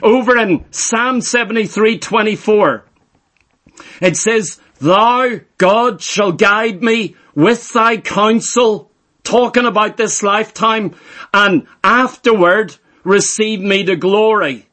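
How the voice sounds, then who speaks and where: A man's voice: high-pitched, slow, bright, forceful tone. A middle-aged man preaching a sermon, emphatic and repeating phrases for stress.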